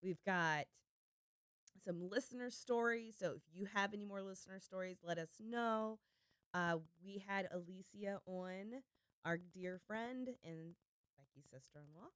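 A woman co-hosting a podcast, trading quick jokes in casual chat and wrapping up the episode. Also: medium pitch, a bit bright, clear, resonant tone, dry recording, studio quality. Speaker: podcast co-host.

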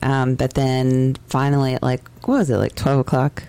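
A woman's voice: a bass voice, completely flat delivery, normal speed, dark tone, smooth. A woman co-hosting a podcast in casual chat, often laughing and cutting in to correct her husband. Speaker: podcast co-host.

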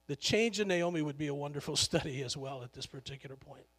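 A man's voice: on the high side, quick pace, a bit bright, big-room sound. A male pastor preaching a sermon in a conversational, joking way, laughing often.

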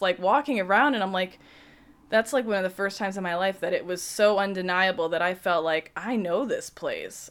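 A woman's voice: medium pitch, a bit bright. A young woman hosting a podcast, telling a personal story in a chatty, emotional way with many fillers. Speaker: podcast host. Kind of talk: casual storytelling monologue.

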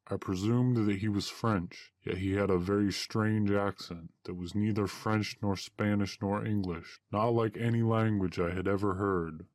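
Man, story reader, deep low voice, dry close recording, archaic wording. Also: no echo. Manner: steady storytelling in archaic diction. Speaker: narrator. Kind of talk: reading a first-person adventure story aloud.

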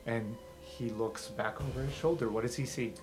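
A man running a tabletop game as game master, describing scenes in a lively way that swings from hushed to excited. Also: mid-range voice, moderate pace, rough recording. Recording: background music under the voice.

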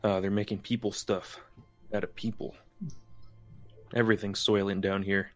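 A man playing in a tabletop game, explaining things in a rushed, rambling way. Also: on the low side, flat delivery, soft background music. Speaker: player. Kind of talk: in-character tabletop chat.

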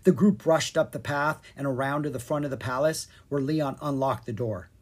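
A narrator giving an expressive reading of a children's storybook. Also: mid-range voice, moderate pace, slightly rough. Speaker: audiobook narrator.

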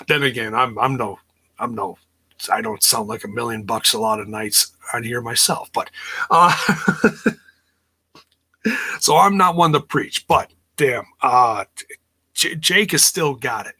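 A man's voice: mid-range voice, animated, measured pace, pauses often, sharp tone, slightly rough. A man hosting a podcast, recapping wrestling in a rambling, blunt way and swearing freely. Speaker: podcast host.

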